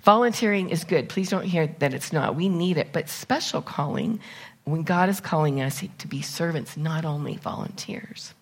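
Woman, middle-aged, church speaker, conversational sermon, candid storytelling, slightly low voice. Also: expressive, normal speed, breathy edge. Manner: candid, personal storytelling with lists of points.

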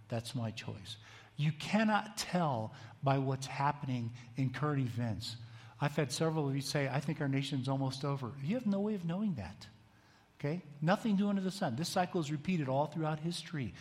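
A man giving a conversational bible teaching, often asking the room questions and raising his voice when he reads scripture aloud. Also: on the high side. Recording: long hall reverb.

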